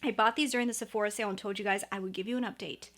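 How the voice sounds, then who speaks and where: A woman's voice: medium pitch, steady tone, very fast, a bit bright. A young woman chatting enthusiastically to camera as a beauty vlogger, recorded indoors at home on a camera mic, often repeating words for emphasis. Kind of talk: casual product review to camera.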